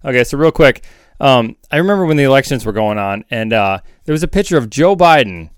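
A man's voice: mid-range voice, animated, a little fast, smooth, no echo, studio quality. A man co-hosting a podcast in casual chat, joking, laughing and swearing. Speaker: podcast co-host.

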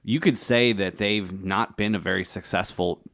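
A man co-hosting a podcast, reasoning out loud in casual talk about films. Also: on the low side, normal speed. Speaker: podcast co-host. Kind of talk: casual movie discussion.

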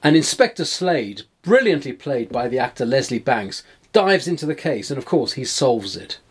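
A man co-hosting a podcast about films. He retells the story in a calm, measured way, and his voice has a husky grain at a middle pitch. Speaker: podcast co-host. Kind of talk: film discussion chat.

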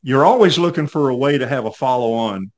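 A man's voice: medium pitch, lively intonation, a little fast. Folksy older man telling a story. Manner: folksy, rambling, with many fillers. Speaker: podcast host. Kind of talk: casual storytelling interview.

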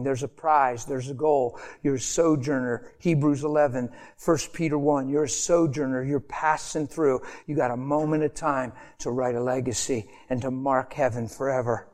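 A man preaching a sermon with passion, swinging between high emphatic peaks and soft, quiet pleading, and acting out quoted voices along the way. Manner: impassioned, rising to high emphatic peaks then dropping soft; acts out quoted voices in conversational asides. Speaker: pastor.

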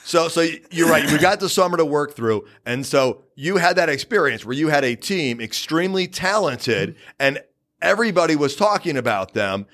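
A man hosting a podcast, talking in a steady, measured way and leading the questions. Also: a little high. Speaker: podcast host. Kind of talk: casual podcast chat.

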